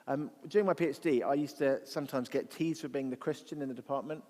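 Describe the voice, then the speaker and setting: A man of mid pitch gives an apologetics talk to a gathered audience, thinking aloud with rhetorical questions and the odd restart. His conversational voice carries the long reverb of a large church hall. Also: fast, mellow. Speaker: guest speaker at a church event.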